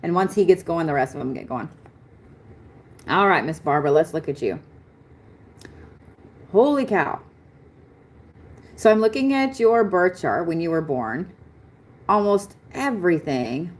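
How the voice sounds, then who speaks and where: A woman with a low voice runs a live astrology reading. She talks in a chatty, excitable way and swears casually as she goes. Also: measured pace, pauses often. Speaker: astrology reader.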